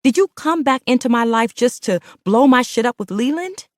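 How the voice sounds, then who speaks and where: A woman reading an audiobook plays a betrayed young woman who has lost all control, her voice leaping high and loud as she shrieks and sobs. The delivery is raw and cracking, and the room sound is dry and close. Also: animated, normal speed, no room sound, natural voice. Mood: furious screaming. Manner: screaming and sobbing. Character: heartbroken furious young woman confronting lover. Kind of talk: audiobook dialogue.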